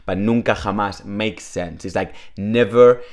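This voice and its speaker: A man's voice: fairly low pitch, measured pace, darkish tone. A man whose first language is Spanish, chatting casually through an online Spanish lesson, full of "like" fillers, at home. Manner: chatty, many "like" fillers, talks to his dog. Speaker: language teacher.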